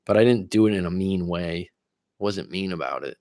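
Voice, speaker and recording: A man hosting a relationship coaching livestream, speaking in a fairly low voice. He chats loosely with viewers, laughs easily and leans on his own stories. The recording is close and dry, with no room sound. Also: expressive, normal speed, darkish tone, no echo. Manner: casual, laughs often, tells personal stories. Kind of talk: livestream chat reading comments.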